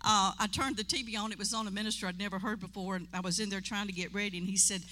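A woman's voice: medium pitch, steady tone, rapid-fire, bright, forceful tone. A woman leading church announcements in a chatty, joking way, laughing often, in a church sanctuary. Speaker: church leader.

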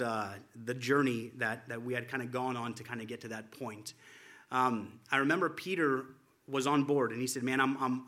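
A man with a forceful, bright tone gives an informal spoken tribute to friends. He tells loose, wandering stories over a slideshow and chuckles often as he goes. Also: mid-range voice. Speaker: church friend presenting a photo slideshow.

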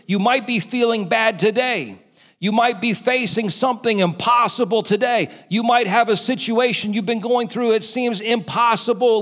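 A pastor preaching a sermon and acting out the voices of doubters and the devil. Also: male voice, high-pitched, fairly bright tone.

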